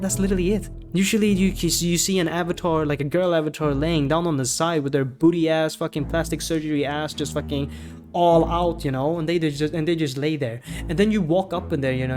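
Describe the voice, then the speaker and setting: A man with a fairly high voice rants in a loose, rambling way, swearing freely and sounding fed up. He talks like a gaming YouTuber doing commentary, with faint music playing under him. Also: a little mellow. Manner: rambling, profane, exasperated. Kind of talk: ranting commentary.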